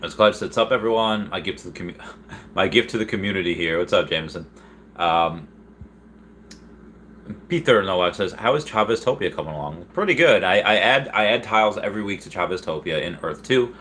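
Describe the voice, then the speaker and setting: A man hosting a casual livestream, reading viewer chat aloud in a rambling, excitable way with frequent laughs and restarts. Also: sits low, brisk, a little hiss or hum.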